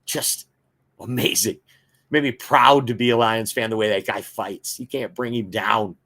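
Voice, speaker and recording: A man's voice: lowish voice, steady tone, a little slow, fairly bright tone. A man hosting a football talk show, giving fan opinions and reading viewer comments in a casual, chatty way with frequent filler words.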